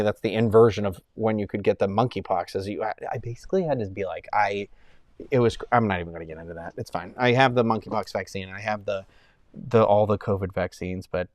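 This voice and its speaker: A man's voice: on the low side, dry recording. Man in his 30s, live stream chat, rambling, self-interrupting, dry close sound. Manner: rambling, self-interrupting, thanking donors warmly.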